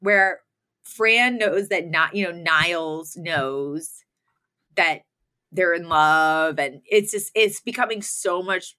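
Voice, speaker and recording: Chatty, bright-voiced young woman. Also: lowish voice, takes it slowly. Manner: chatty, animated, full of fillers and laughter. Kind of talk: casual chat, recapping a sitcom episode.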